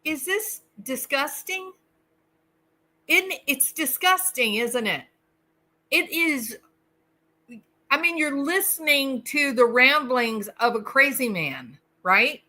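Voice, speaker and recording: A woman's voice: high-pitched, animated, slow pace, pauses often, bright, forceful tone. A woman hosting a casual commentary, talking in an indignant, emphatic way and repeating words for stress. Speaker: host.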